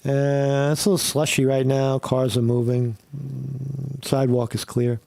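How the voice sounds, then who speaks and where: A man's voice: mid-range voice, little pitch movement, a little slow, gravelly, warm tone. A man hosting a livestream, ranting in a heated, profane way and repeating himself with many fillers. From Northeast Pennsylvania. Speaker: streamer host.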